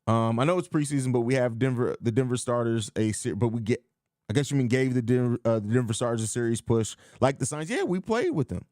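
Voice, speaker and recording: A man's voice: medium pitch, animated, a little fast, a little mellow, dry recording, clean studio sound. A man hosting a live post-game podcast in casual chat, blunt and emphatic, reading out viewer comments. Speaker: podcast host.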